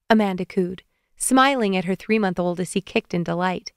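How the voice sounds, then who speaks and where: A woman narrating a romance audiobook in a calm, even storytelling voice, recorded close on a studio mic. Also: fairly low pitch, normal speed, smooth, dry recording.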